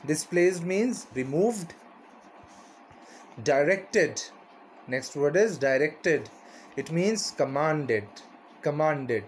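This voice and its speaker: A man's voice: a little high, expressive, drawn-out words, pauses often, slight background noise. A man teaching a vocabulary lesson, repeating each word and its meaning and often asking "right?".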